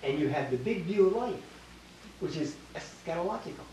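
A man's voice: fairly high pitch, lively intonation, fairly quick, a little mellow. An older man with a Canadian accent teaching a Bible class in a small church hall, emphatic, repeating himself and quizzing his listeners. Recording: echoey room, distant mic, faint hiss.

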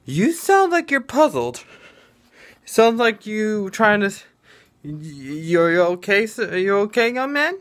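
A man's voice: sits high, very animated, measured pace, pitched above the performer's own voice. A man voicing a frail, friendly old male hermit martial arts master in a raised, quavering old-man voice. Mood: puzzled.

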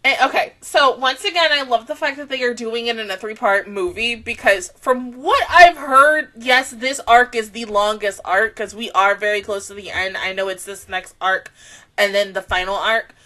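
A woman hosting an anime reaction, talking casually, swearing freely and swinging between soft musing and loud outbursts. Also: fairly high pitch, moderate pace.

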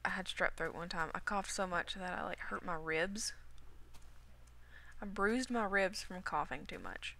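Slow-talking young woman with gravelly cough. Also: lowish voice, bright, forceful tone. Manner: rambling and chatty, talks to herself while playing. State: coughing after an illness. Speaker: gaming video creator. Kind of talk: casual Minecraft commentary. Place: at home.

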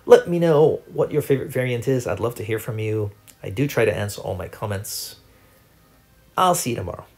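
Gravelly man doing game commentary. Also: fairly low pitch, a little fast. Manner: chatty, self-mocking, excitable. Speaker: gaming channel host. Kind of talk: gameplay commentary.

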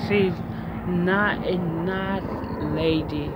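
A woman's voice: on the low side, drawn-out words, noisy background. A woman vlogging outdoors at home in a casual, rambling chat full of fillers and restarts.

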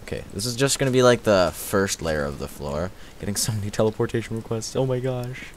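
A man streaming a game live, chatting casually with a slightly raspy voice and thanking viewers as he plays. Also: on the low side, lively intonation, brisk, slight background noise. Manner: chatty, thanks viewers, repeats filler words. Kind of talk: casual livestream commentary while playing.

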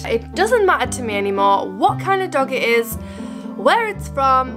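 A woman's voice: high voice, very animated, moderate pace, music in the background. A woman vlogging casually at home, rambling and self-mocking in a playful way. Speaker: vlogger and dog trainer. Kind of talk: casual chatty vlog. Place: at home with her dogs.

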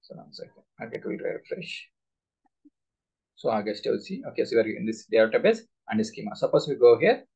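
A man's voice: mid-range voice, big pitch swings, a little fast, vocal fry, darkish tone, breathy edge, lo-fi sound. A man teaching a live SQL class, quizzing students with repeated questions. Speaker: SQL instructor.

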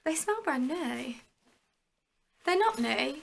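A woman's voice: high voice, animated, slow, creaky, a little hiss or hum. A young woman from England chatting casually to viewers as a fitness vlogger, full of fillers and asides. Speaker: fitness vlogger, personal trainer. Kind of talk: casual show-and-tell vlog.

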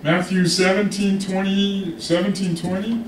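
A male pastor with a high, lively voice preaches to his congregation, often checking that they are with him. He sounds distant from the mic, caught in an echoey church hall with a faint hiss. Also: unhurried. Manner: animated, calls for congregation responses. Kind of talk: sermon.

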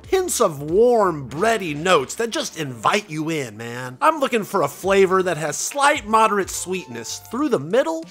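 A man playing a brash beer-bro pitchman, who talks loudly in a high, bright voice and swings his pitch all over. Faint music plays behind him. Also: heavily acted. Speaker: sponsor ad read. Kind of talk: comedic ad read.

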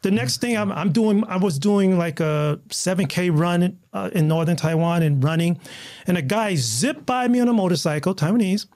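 A man from the United States, a guest on a talk show, telling stories in an excitable, animated way with many restarts. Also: high-pitched, moderate pace. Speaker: guest, martial artist. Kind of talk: casual conversational storytelling.

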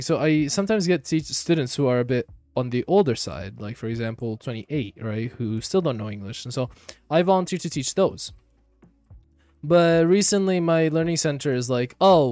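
A young man and streamer telling a story casually while gaming, slangy and profane, dropping to low mumbles and then bursting out loud. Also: no room sound. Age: young adult. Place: home room.

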